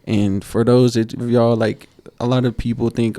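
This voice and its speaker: A man co-hosting a basketball podcast, telling coaching stories in a casual, animated way and acting out quotes. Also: medium pitch, moderate pace, no echo. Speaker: podcast co-host. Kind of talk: casual storytelling chat.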